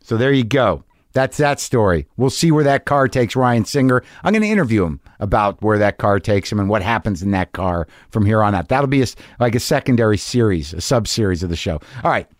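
A man's voice: lowish voice, animated, a little fast, no room sound, studio quality. A middle-aged man from New Jersey hosting a podcast, telling a rambling, profane, self-mocking comic story in an anxious rush. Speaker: podcast host.

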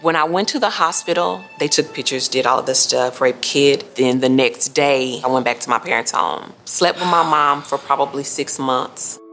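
A woman with a very low voice and a gravelly fry tells her story in an interview. She speaks softly and hesitantly, often answering with a quiet mm-hmm. Faint music plays behind her. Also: normal speed, hardly any pauses. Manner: soft, hesitant, many quiet mm-hmms. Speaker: crime survivor interviewee. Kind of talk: emotional first-person recounting.

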